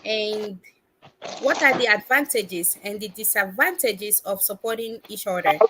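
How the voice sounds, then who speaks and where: A woman's voice: medium pitch, unhurried, noisy background. A woman hosting a casual livestream from home, upbeat and chatty, greeting viewers by name and laughing often. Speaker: livestream host. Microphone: wireless earphones and laptop.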